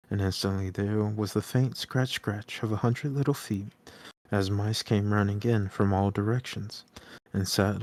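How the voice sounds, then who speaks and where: A man calmly reading a storybook aloud on a live stream. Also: fairly low pitch, no room sound.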